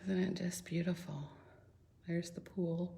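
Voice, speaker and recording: A woman's voice: fairly low pitch, steady tone, a little slow, vocal fry, warm tone, slight background noise. A woman giving a chatty, gushing home tour vlog inside a house under construction, filmed on a handheld phone. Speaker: homeowner vlogger.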